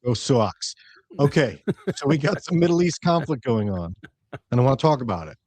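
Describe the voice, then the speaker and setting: Male advisor-host, casual and talkative, mid-pitched, dry recording. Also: big pitch swings, darkish tone, no echo. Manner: jokey, talkative, rapid asides. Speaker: podcast host, investment advisor. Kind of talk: casual podcast chat.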